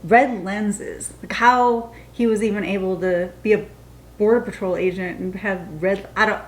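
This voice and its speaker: A woman's voice: mid-range voice, unhurried. Chatty woman telling a story. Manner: chatty, animated, acts out the quotes. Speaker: storytime vlogger. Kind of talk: casual storytelling.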